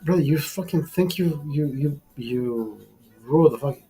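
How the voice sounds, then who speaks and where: A man's voice: on the high side, normal speed, dark tone, breathy edge, soft background music, rough recording. A man hosting a casual drinking livestream, tipsy, talking in a rambling, profane way and restarting his words. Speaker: livestream host.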